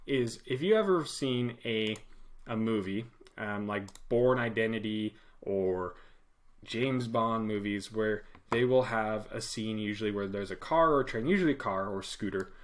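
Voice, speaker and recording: A man teaching web coding as an instructor in a casual screen-share lesson, animated and acting out commands in a loud put-on voice. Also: on the low side, measured pace.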